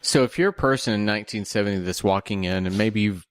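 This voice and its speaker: A man's voice: fairly low pitch, fast talker, smooth, no echo. A man co-hosting a podcast, discussing a movie casually with a questioning, skeptical manner. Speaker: podcast co-host.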